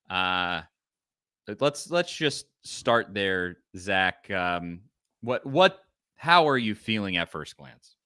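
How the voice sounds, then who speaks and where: A man hosting a casual sports podcast, chatting with laughs and rattling through ad reads quickly. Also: mid-range voice, smooth, no echo, clean studio sound. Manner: lively, laughing, reads ad copy fast. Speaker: podcast host.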